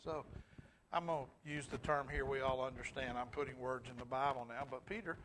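A man's voice: mid-range voice, a little fast, background noise. A middle-aged man with a Southern US accent teaching a Bible class, asking the group questions and chuckling as he goes. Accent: Southern US, Alabama. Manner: asks the group questions, chuckles, restarts often.

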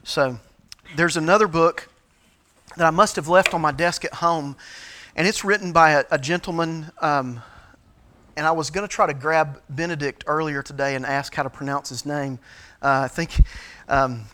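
Speaking as a pastor, a middle-aged man gives a teaching talk much like a sermon, halting often with fillers and restarts. The voice runs on the high side with a sharp tone.

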